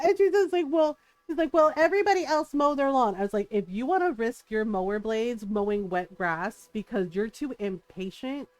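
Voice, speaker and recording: A middle-aged woman streamer chatting casually, telling an animated story with frequent laughs and quoted voices. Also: medium pitch, no room sound. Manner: animated, laughing often, quoting others in shifting voices.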